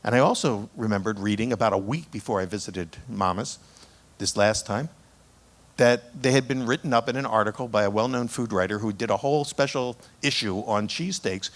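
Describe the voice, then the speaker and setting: Man telling a lively story as an author. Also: fairly low pitch, fairly quick. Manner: lively anecdotal storytelling with small restarts. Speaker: author giving a talk. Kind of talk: storytelling talk.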